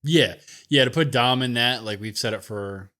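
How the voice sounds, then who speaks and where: A man's voice: medium pitch, normal speed, sharp tone. A man co-hosting a wrestling podcast, giving his opinions casually and thinking aloud. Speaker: podcast co-host.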